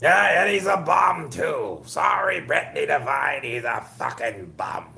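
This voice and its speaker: A man impersonating a trash-talking heavyweight boxer in a loud, mocking voice. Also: fairly high pitch, a little slow, creaky, heavily acted.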